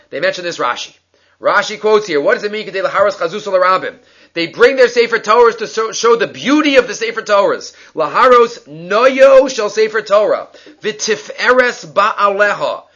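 A man with a high, bright voice teaches a Talmud lesson, reading the text and explaining it line by line. He works through each step aloud. The recording sounds dull and lo-fi. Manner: explains text line by line, thinking aloud, uses Hebrew and Aramaic terms. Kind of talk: daily Talmud class lecture.

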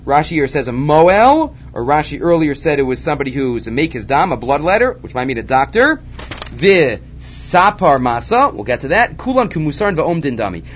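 Man, Talmud lesson, animated and repetitive, slightly high voice, dull lo-fi sound. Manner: animated, repeats key points, mixes Hebrew and Aramaic terms. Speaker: Talmud teacher. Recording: dull lo-fi recording with faint background noise.

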